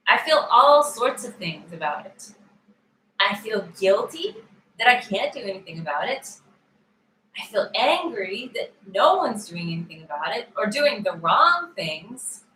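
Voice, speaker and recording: A woman coaching a guided tapping session, calmly voicing upset feelings aloud for listeners to repeat. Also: fairly high pitch, reverberant, a little hiss or hum, poor audio.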